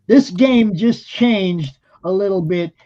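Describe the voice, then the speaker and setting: A man hosting a live talk show, energetic and promotional, often laughing. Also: high-pitched, slow pace. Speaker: host. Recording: lo-fi live stream audio.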